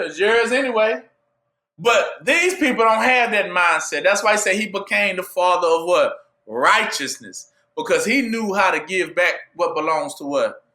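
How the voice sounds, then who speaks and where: A man preaching a call-and-response sermon, asking "what?" for the listeners to fill in and rising to shouts at his peaks. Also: high-pitched, echoey room. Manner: asks "what?" for the audience to fill in.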